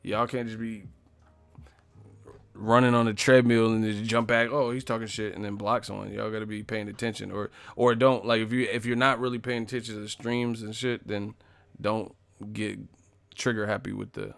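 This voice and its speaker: A man's voice: lowish voice, little pitch movement, moderate pace, vocal fry, a bit bright, clean tone, no echo, faint music behind. A man hosting a casual live stream, reading chat messages and mocking viewers, profane and laughing often. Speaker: boxing live stream host.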